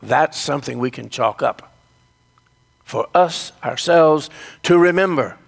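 A male preacher tells a story at an unhurried pace and speaks directly to his listeners. His voice has a gravelly edge and sits a little high for a man. A long reverb hangs behind him in the church. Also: animated. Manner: storytelling, addresses the congregation directly. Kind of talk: sermon.

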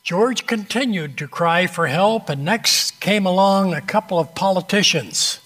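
Higher-voiced man preaching a story sermon. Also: lively intonation, fairly bright tone. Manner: storytelling, varied dramatic pauses.

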